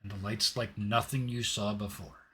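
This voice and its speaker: A man's voice: fairly low pitch, steady tone, moderate pace, sharp tone, a little hiss or hum. A man narrating a tabletop roleplaying game as game master, telling the scene vividly and dramatically. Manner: vivid, dramatic storytelling with hesitant restarts.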